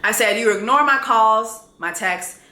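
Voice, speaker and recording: A woman's voice: on the high side, unhurried, bright, forceful tone, roomy sound. A woman, telling a dating story in a vlog in a blunt, sassy way and reading texts aloud.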